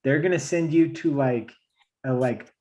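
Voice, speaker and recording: A man chatting casually on a panel of illustrators, restarting his sentences and laughing as he argues his point. His pitch sits in an ordinary middle range. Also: dark tone. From Kansas City area. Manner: defensive, laughing, halting restarts.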